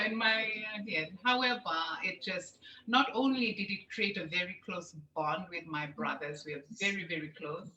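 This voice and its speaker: A middle-aged woman from Fiji recounts her childhood in a lively interview, her voice bright and forward. The room is echoey, with a faint hum of noise behind her. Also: lowish voice, moderate pace, hardly any pauses, highs cut off. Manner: lively, animated storytelling with laughs. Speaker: interview guest, show host. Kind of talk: casual interview storytelling.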